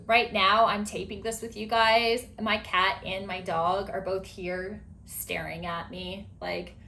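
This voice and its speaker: A woman hosting a podcast in casual chat, chatty and animated with lots of filler words. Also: mid-range voice, slow, creaky, slight background noise. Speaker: podcast host.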